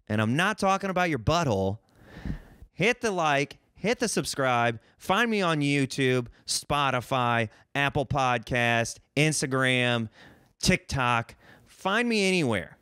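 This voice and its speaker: A man's voice: medium pitch, animated, measured pace, pushed and bright, smooth, no echo, studio quality. A man from Missouri hosting a solo podcast, rambling and joking with a profane, self-mocking streak. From Missouri, United States. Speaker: podcast host.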